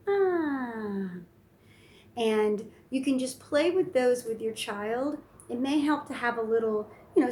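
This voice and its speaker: Chatty woman speech therapist giving tips. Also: fairly high pitch. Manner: relaxed, chatty, many fillers, demonstrates silly sounds. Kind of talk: casual instructional talk to camera.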